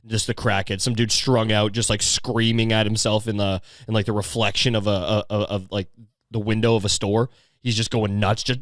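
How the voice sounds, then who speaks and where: A man's voice: lowish voice, steady tone, fairly quick, no room sound, clean studio sound. A man hosting a podcast, riffing on a video in rambling, profane, sardonic casual commentary. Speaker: podcast host.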